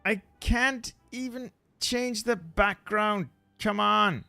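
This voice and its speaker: Young male streamer, slightly high voice, slow exasperated talk, dry close mic, faint music behind. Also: vocal fry, sharp tone, dry recording. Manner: exasperated, grumbling at broken equipment, swears. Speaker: streamer playing a strategy game. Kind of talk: casual live-stream chat.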